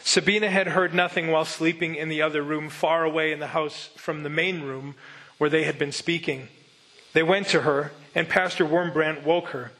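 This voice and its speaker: Bright-voiced male preacher telling a story. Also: a little high, fairly even intonation, moderate pace, poor audio. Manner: earnest storytelling, rhetorical questions. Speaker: pastor. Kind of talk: sermon.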